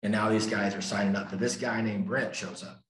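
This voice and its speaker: An older man gives a recovery talk in a low, grounded voice, driving his points home and repeating the lines he wants to stick. His words ring through an echoey meeting room. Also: fairly even intonation, fairly quick, a bit bright. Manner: emphatic, repeats key lines for effect. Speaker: AA speaker.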